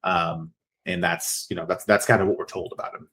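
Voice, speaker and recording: A man's voice: sits low, fairly even intonation, brisk, a bit bright. A man co-hosting a podcast, casually recapping a horror movie with lots of restarts and fillers. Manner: rambling, many restarts and fillers. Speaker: podcast co-host.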